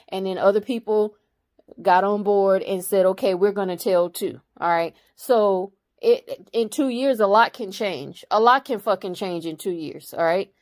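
A woman's voice: mid-range voice, a little mellow. A woman hosting her own commentary channel, reading news articles aloud and breaking off into blunt, profane opinions.

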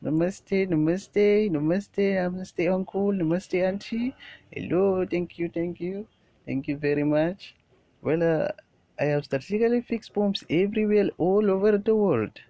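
A man voicing an Indian villain who greets everyone with bows and thanks in a high, chirpy voice, even while making threats. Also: unhurried, vocal fry, dry recording, dull audio. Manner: squeaky, grinning, bowing courtesy. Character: loud, cocky male Indian villain, overly polite.

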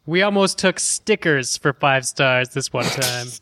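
A man co-hosting a podcast in casual chat, joking and pausing often with fillers. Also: medium pitch, lively intonation, pushed and bright, no echo, clean studio sound. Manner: joking, halting with many fillers. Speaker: podcast co-host.

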